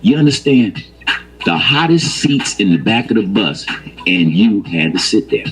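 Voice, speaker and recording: A man's voice: lowish voice, very animated, a little slow, a bit bright, breathy edge, faint music behind, low-quality recording. An older man telling stories and ranting in a casual, profane, emphatic way. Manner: profane, emphatic, rises to heated preaching. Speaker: storyteller. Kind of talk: casual storytelling rant.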